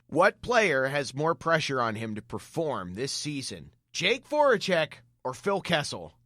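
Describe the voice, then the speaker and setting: Sarcastic, bright-voiced male podcast co-host. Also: on the high side, huge pitch swings, dry recording, clean studio sound. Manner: sarcastic, joking, quick asides. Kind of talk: casual sports chat.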